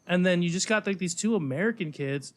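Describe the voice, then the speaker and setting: A man in his thirties co-hosting a casual podcast chat, animated and acting out quoted lines. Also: high-pitched, fast talker. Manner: animated, acts out quoted voices. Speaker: podcast co-host.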